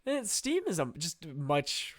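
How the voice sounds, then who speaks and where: Chatty, slightly high male podcaster. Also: slow pace, no echo, studio quality. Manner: chatty and animated, with filler words. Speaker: podcast co-host. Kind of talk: casual current-events chat.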